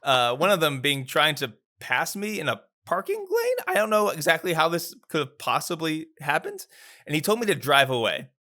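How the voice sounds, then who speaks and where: A man who is a priest, telling a story in casual chat. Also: normal speed. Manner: animated storyteller, lively pitch.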